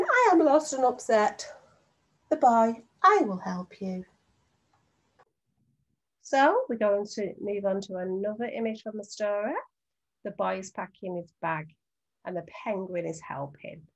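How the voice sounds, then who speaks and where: A primary school teacher records a lesson from home for young children, speaking slowly and clearly and sounding words out syllable by syllable. Her voice is mid-range with a darkish tone.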